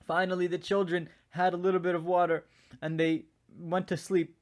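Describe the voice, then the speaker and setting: A man with a high, light voice tells a religious story at a mourning gathering. He acts out each quoted voice with rising pitch and force. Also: level tone, moderate pace, darkish tone.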